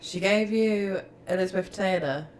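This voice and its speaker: A woman, co-hosting a podcast in a casual, animated chat full of storytelling and laughter. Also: medium pitch, normal speed, slight background noise. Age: 30s. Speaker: podcast co-host.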